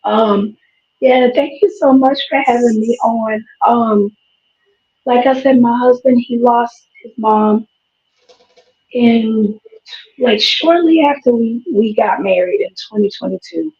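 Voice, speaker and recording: A woman calling in to a live stream, hoarse from losing her voice and speaking hesitantly, often stopping to search for words. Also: on the high side, slow, darkish tone. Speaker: caller. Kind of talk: casual call-in chat. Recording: dull lo-fi stream audio.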